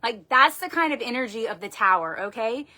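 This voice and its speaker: A woman's voice: fairly high pitch, animated, fairly quick, bright, forceful tone. A woman doing a live-streamed tarot reading, talking in an emphatic, folksy way and swearing casually into a phone. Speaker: tarot reader.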